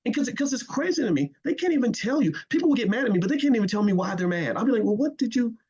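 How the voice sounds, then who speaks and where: A man giving impassioned commentary, emphatic and animated, often repeating words. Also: very high voice, very fast, slightly rough, dull audio.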